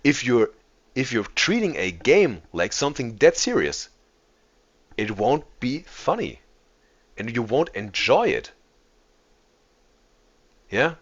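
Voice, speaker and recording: A man's voice: mid-range voice, very animated, slow, pauses often. Male host, casual reaction commentary, stammers and restarts a lot, dull lo-fi recording. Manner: repeats and restarts words often.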